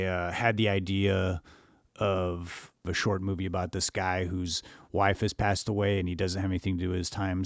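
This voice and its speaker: A man's voice: low-pitched, no echo, clean studio sound. A man co-hosting a podcast, telling stories in a rambling, chatty way with many fillers. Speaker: podcast co-host. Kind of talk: casual chat.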